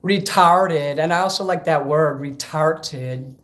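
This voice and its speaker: A man's voice: a little high, slow, a bit bright. A man ranting profanely and rambling in a casual livestream between karaoke songs. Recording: echoey room over karaoke backing music.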